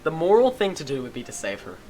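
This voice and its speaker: Excitable man reading a story game. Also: fairly high pitch, quick pace. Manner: excitable, loud outbursts. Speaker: gamer. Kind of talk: reading a visual novel aloud and reacting.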